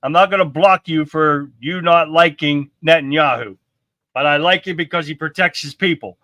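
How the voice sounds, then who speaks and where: A man's voice: on the high side, normal speed, sharp tone, no echo. A middle-aged man hosting a live stream, giving blunt, profane political commentary and reading viewer comments aloud.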